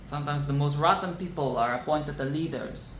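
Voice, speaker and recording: Speaking a little fast in a mid-range voice, this vlogger delivers a casual, frustrated rant about a film, full of swearing and phrases repeated for emphasis. The recording has room echo and faint background noise.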